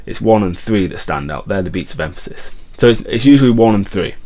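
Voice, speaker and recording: A man with a somewhat low voice gives a songwriting lesson as a guitar teacher. He explains step by step in a patient, friendly teaching tone and now and then stops and restarts a phrase. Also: lively intonation, brisk, few pauses, mellow. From England.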